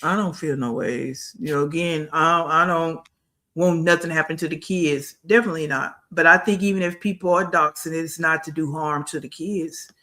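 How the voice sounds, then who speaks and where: A woman's voice: low voice, normal speed, bright, forceful tone. Blunt, scolding woman streamer. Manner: blunt, scolding, repeats phrases for emphasis; greets and talks to live chat. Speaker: livestream commentary host. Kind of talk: reaction livestream commentary.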